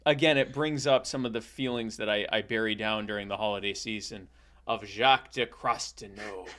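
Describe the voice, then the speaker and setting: A man hosting a comedy podcast, telling an improvised tall tale in a rambling, deadpan way with many restarts. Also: fairly low pitch, moderate pace. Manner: rambling, deadpan, self-correcting. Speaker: podcast host.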